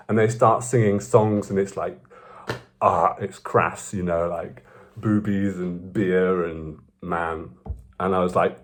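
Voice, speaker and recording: A man's voice: sits low, normal speed. Rambling young man. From Belgium. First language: French. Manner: rambling, self-correcting, animated. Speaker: vlogger. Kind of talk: casual storytelling.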